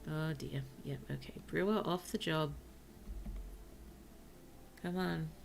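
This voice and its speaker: Tired woman streamer, low gravelly voice, slow and soft, often whispering. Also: slight background noise. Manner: soft-spoken, gentle, often drops to a whisper. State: tired, yawning. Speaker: virtual streamer. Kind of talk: casual gameplay commentary to chat.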